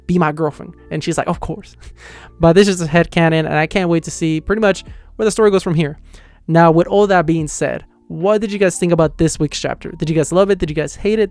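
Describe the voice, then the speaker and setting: A man's voice: a little high, darkish tone, clean tone, no echo. Rambling young man reviewing a manga. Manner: rambling, heavy on fillers like "like" and "you know". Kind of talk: casual video review.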